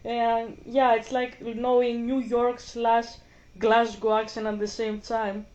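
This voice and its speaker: A woman's voice: a little high, flat delivery, slow pace, a little mellow, highs cut off. Frank, rambling woman. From Greece. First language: Greek. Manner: rambling, frank, swears casually. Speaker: gaming vlogger. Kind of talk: casual chat while playing a video game.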